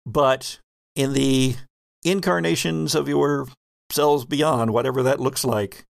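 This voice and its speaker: A man narrating a tabletop horror game as game master, in measured, descriptive narration. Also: medium pitch, fairly even intonation, vocal fry.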